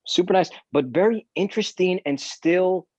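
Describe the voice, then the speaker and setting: A man's voice: high voice, normal speed, no room sound, muffled recording. A man, an actor guest on a podcast, chatting casually and telling stories with jokes over a video call. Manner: relaxed, joking storyteller.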